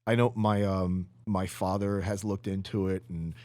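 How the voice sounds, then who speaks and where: A middle-aged man, a guest on a podcast, talking in an animated way, often restarting his sentences. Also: deep voice, normal speed, dry recording. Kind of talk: casual chat.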